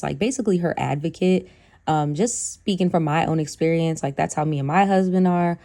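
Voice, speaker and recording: A woman's voice: deep voice, mellow, dry recording, studio quality. A woman giving reflective commentary and relating it to her own marriage. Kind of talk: commentary on a clip.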